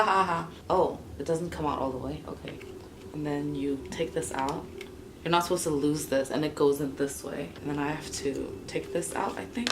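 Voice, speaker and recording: Low-voiced young woman vlogging, swearing. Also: noisy background. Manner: chatty, swears freely, gasps and laughs at herself. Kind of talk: casual vlog narration while working.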